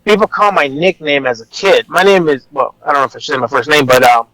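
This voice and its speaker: A man's voice: fairly high pitch, fast talker, fairly bright tone, dry recording, poor audio. A man, an officer, telling a personal story in a casual, rambling way, blunt and swearing at times. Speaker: officer guest.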